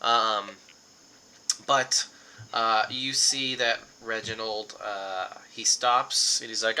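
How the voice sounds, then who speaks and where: A man's voice: on the low side, fairly even intonation, slow, sharp tone. A man running a tabletop game as game master, chatty and loose with many fillers.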